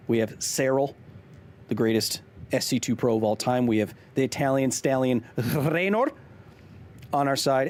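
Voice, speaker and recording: A man's voice: mid-range voice, a little mellow. A man in his thirties hosting a casual live stream, joking while reading chat aloud. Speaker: streamer and host.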